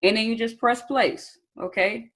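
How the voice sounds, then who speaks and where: In a live screen-share training, a chatty young trading instructor speaks in a higher, fairly bright voice with a steady, unhurried tone over a rough recording. She addresses viewers as "you guys" and "y'all," frequently asks "okay?" and asks for answers in chat.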